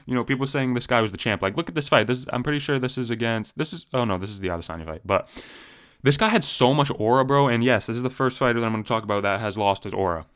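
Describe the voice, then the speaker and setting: Young man, fast-paced, profane, heated casual rant, slang-heavy. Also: mid-range voice, fairly bright tone, smooth. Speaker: MMA commentary YouTuber. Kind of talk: casual ranting commentary.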